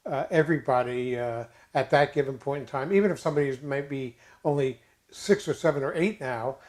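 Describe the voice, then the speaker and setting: An older man chats casually as a co-host, his voice sitting at an ordinary middle pitch. He talks haltingly, full of fillers and restarts. Now and then he slips in a jokey aside. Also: a little mellow. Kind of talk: casual chat.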